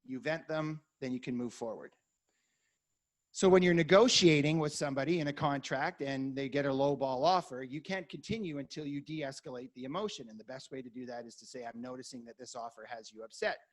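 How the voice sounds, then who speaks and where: A man coaching a workshop, energetic and acting out client conversations as examples. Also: medium pitch, a little fast. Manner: energetic, acts out dialogue examples.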